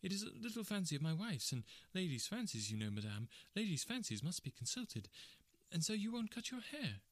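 Man playing a wheedling, jovial gentleman. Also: high voice, very animated, fairly quick, dry recording, voice pushed up. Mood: insistent. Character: jovial, pushy middle-aged gentleman employer.

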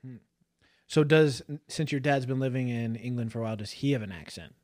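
A man's voice: mid-range voice, a little fast, darkish tone. A man hosting a casual podcast, upbeat and asking his guest questions. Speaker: podcast host. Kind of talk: casual chat.

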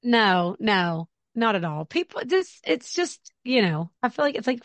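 A woman podcast host chats as a guest on another show. Her voice runs slightly high, recorded close and dry. She talks breezily and tosses off sarcastic one-liners. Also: big pitch swings, dry recording. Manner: sarcastic, chatty, quick quips. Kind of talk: casual podcast chat.

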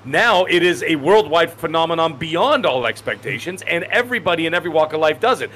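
A man in his forties talks with a bright, tense edge and a fairly high pitch, circling his points and restarting his sentences. Faint noise sits under his voice. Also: lively intonation, fairly quick. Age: 40s. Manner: rambling, emphatic, self-correcting. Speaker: podcast co-host. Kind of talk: casual chat.

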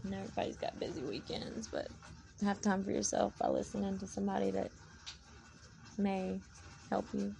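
A woman's voice: mid-range voice, monotone, moderate pace, vocal fry, pauses often, dark tone, a little hiss or hum, rough recording. A woman with a tired voice chatting casually and devoutly in a rambling vlog. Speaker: vlogger. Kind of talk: casual faith-filled chat.

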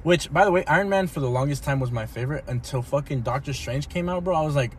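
A young man rants eagerly as a podcast co-host, his voice pitched a little high. He swears freely and keeps saying "bro". A faint background hiss sits under his voice. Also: quick pace. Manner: excitable and profane, says "bro" a lot. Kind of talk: casual chat.

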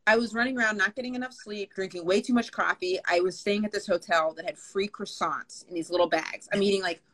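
A woman guest in a casual conversation who talks fast, with her words tumbling out. She is chatty and pokes fun at herself, often acting out her own past thoughts. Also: mid-range voice, fairly bright tone, rough recording. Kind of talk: casual chat.

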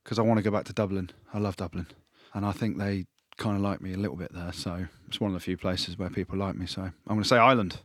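Male podcast co-host, emphatic and jokey, low register, dry studio. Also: steady tone, fast talker, hardly any pauses, a bit bright, dry recording. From England. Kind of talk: casual sports chat.

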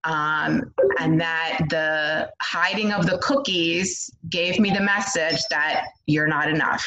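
Woman, middle-aged, lowish voice, candid storytelling, animated, muffled lo-fi sound. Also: takes it slowly, a loud crowd. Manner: candid, animated, frequent fillers like "um" and "like". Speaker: podcast guest, author. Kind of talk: conversational storytelling. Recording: dull lo-fi sound.

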